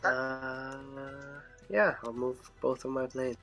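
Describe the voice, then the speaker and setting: A man chats casually as a player in a tabletop game. He jokes and swears freely while making his moves. Soft background music plays under his mid-pitched voice. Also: fairly even intonation, slow.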